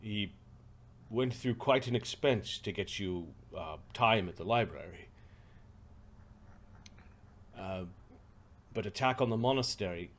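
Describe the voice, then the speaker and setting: A man voicing a formal, courteous male official who speaks in a measured way. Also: on the low side.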